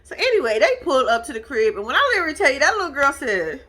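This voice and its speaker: A woman with a raised, bright voice that swings widely in pitch as she chats to her viewers. She recaps a reality show casually, cursing freely, calling everyone y'all and breaking into laughter. Her talk is loose and unscripted. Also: big pitch swings, rapid-fire. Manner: chatty, profane, addresses viewers as y'all, laughs often. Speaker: TV reaction vlogger.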